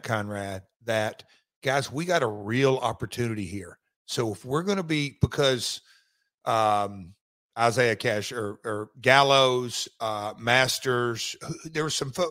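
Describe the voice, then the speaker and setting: A man's voice: medium pitch, bright, forceful tone, no echo. A man being interviewed, telling a long story in a casual, rambling way with many restarts and asides. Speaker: wrestling executive guest.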